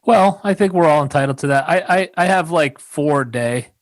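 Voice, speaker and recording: A man hosting a casual podcast chat, asking easygoing, halting questions. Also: on the high side, no room sound. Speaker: podcast host.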